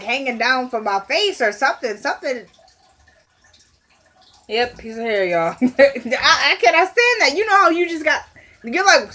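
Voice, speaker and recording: A woman's voice: sits high, bright, forceful tone. A young woman giving a casual, chatty recap of a TV episode, laughing and talking straight to her viewers. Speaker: TV recap vlogger.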